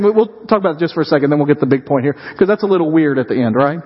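Storytelling pastor in a reverberant church. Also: male voice, a little high, lively intonation, rapid-fire, few pauses. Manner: conversational storytelling with rhetorical questions to the congregation. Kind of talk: sermon. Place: church sanctuary. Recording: dull sound with long reverb in a hall.

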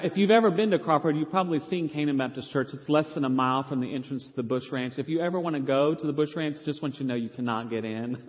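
Middle-aged pastor telling a lively story. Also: male voice, on the high side. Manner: animated, self-deprecating humor, acts out quoted voices. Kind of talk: storytelling sermon. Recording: reverberant hall, dull lo-fi sound.

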